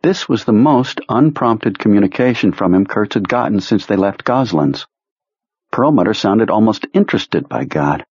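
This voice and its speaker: A man reading a novel aloud as an audiobook narrator, in a measured, dramatic way. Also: lowish voice, expressive, darkish tone, slightly rough, no room sound. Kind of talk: scripted narration. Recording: muffled lo-fi recording.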